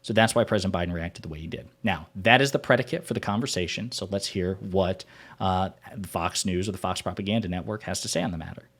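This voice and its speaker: A male political commentator talks straight to his viewers in a fairly low voice. He argues emphatically and hammers his key points home by repeating them. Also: fast talker, fairly bright tone.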